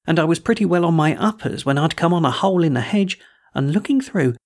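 Man reading an audiobook, measured, bit high voice, gravelly. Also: expressive. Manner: measured, first-person storytelling. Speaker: narrator. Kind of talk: audiobook narration.

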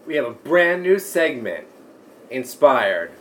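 A man's voice: medium pitch, big pitch swings, slow, a bit bright, faint music behind. A man hosting a casual podcast chat, teasing and jokey with his guest. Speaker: podcast host.

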